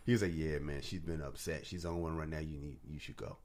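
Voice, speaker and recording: A man's voice: a bass voice, quick pace. A man in his forties, co-hosting a casual podcast chat, telling stories animatedly, acting out what people said and laughing often. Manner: animated storyteller, acts out quotes, laughs often. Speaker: podcast co-host.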